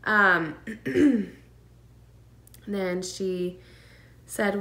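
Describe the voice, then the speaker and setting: Slowly and with long pauses, a woman vlogs to camera about her twin pregnancy, her middle-pitched voice creaky but fairly bright. She's earnest and emotional, leaning on fillers and nervous little laughs, with the room sounding echoey.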